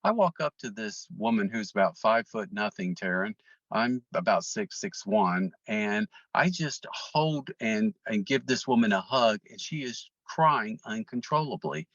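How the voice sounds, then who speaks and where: A man with a bright, forceful voice tells a long personal story in casual conversation. He rambles, stopping and restarting with lots of ums. The sound is dull and a little muffled, as if recorded on lo-fi gear. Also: lowish voice, lively intonation, unhurried, dry recording. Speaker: interview guest.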